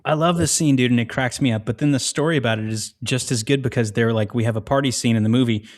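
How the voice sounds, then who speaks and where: A man talks quickly in a relaxed movie podcast chat, rambling from one anecdote to the next. He swears casually and keeps slipping into quoted lines as he tells a story. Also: mid-range voice. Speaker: podcast co-host.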